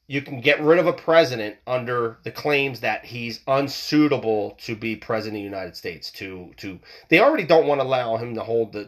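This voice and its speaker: A man ranting heatedly, swearing often and repeating himself as he works up his argument. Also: medium pitch. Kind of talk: political rant monologue.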